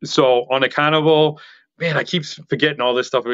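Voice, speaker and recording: A man talking as a podcast guest in casual chat, excitable and rambling, with a loud voice that carries. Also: on the high side, brisk, clear, resonant tone, highs cut off.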